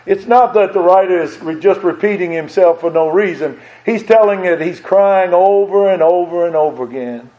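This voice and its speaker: A man's voice: high voice, normal speed, hardly any pauses, dark tone. A man preaching a sermon in an earnest way, repeating phrases and asking his listeners direct questions. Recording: dull lo-fi recording.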